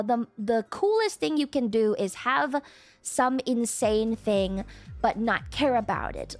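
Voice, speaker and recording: A woman streamer chatting casually with her viewers, rambling, swearing freely and laughing often. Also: fairly high pitch. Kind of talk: casual live-stream chat.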